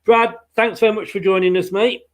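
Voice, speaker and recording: Higher-voiced chatty football podcast host. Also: male voice, fairly even intonation, brisk. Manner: chatty and rambling, with fillers and playful asides. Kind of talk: casual post-match podcast chat.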